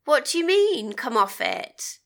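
A woman's voice: on the high side, animated, normal speed, bright, forceful tone. A woman voicing a frustrated middle-aged wife who pleads and pushes back. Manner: pleading, rising to anger.

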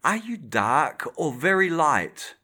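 A man's voice: high-pitched, wildly swooping pitch, takes it slowly, sharp tone, pitched above the performer's own voice, exaggerated voice. A man doing a prim, clipped landlady. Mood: probing. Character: prim prejudiced middle-aged landlady.

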